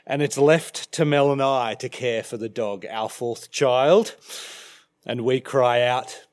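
A middle-aged Australian man preaching a sermon as minister, emphatic, dropping to quiet for weight. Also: medium pitch, takes it slowly. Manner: emphatic, dramatic shifts in loudness.

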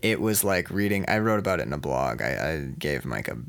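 A man's voice: low-pitched, fairly quick, gravelly. A young man in casual chat, telling rambling, joking stories with a lot of laughter. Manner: rambling, jokey, lively storytelling.

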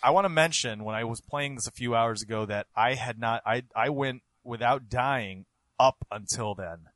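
A man on a podcast, telling animated stories about playing a game and acting out his reactions. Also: mid-range voice, normal speed, no room sound. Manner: animated storyteller, acts out his own reactions. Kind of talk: casual chat about retro games. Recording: dry close mic.

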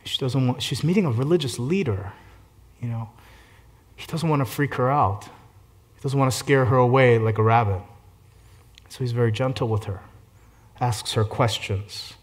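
A man preaching a sermon as a pastor, shifting from gentle hushed passages to loud fervent climaxes. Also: medium pitch, normal speed, long pauses.

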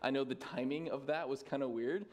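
A man's voice: medium pitch, fairly quick. A man in his thirties, a tired lead pastor giving casual, self-deprecating announcements to his church. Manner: chatty, self-deprecating, laughs easily. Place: church sanctuary.

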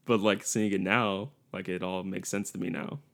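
A man's voice: low-pitched, steady tone, normal speed, a bit bright. A young man co-hosting a podcast, chatting casually and rambling, laughing often. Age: young adult. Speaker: podcast co-host. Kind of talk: casual chat.

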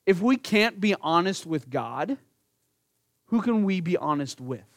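A man's voice: sits high, sing-song, a little slow, dry recording, clean studio sound. A man preaching an earnest sermon, speaking directly to his congregation and rising into pleading emphasis. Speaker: pastor.

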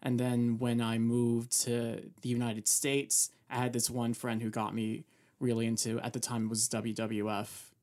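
A man's voice: medium pitch, monotone, measured pace, a little mellow. A man from Mexico, a comedian guest on a podcast, talking in an easygoing way with dry sarcasm. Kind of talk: casual podcast chat. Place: home studio.

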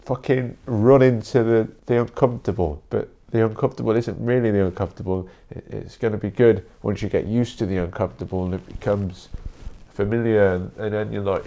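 A man's voice: fairly low pitch, steady tone, a little fast, vocal fry, few pauses, mellow. A young man hosting a podcast, rambling bluntly in a casual solo monologue and swearing often. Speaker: podcast host.

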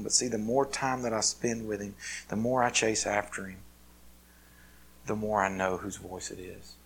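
Lower-voiced man preaching casually. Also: little pitch movement, normal speed, low-quality recording. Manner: casual, filler-heavy delivery with many restarts; swings between loud emphatic peaks and quiet, hushed asides. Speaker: pastor. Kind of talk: conversational sermon.

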